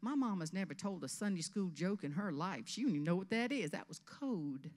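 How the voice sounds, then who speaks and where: A woman in her fifties from South Carolina with a Southern US accent, giving a humorous keynote speech on stage with animated storytelling. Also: fairly low pitch, a little fast, long reverb tail. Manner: animated storytelling with character voices. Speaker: motivational speaker. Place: event stage before an audience.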